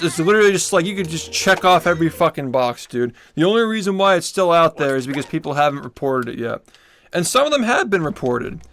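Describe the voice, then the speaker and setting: Brief: male streamer, higher voice, heated profane rant, faint music underneath. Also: a bit bright. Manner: angry, profane ranting. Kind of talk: livestream rant.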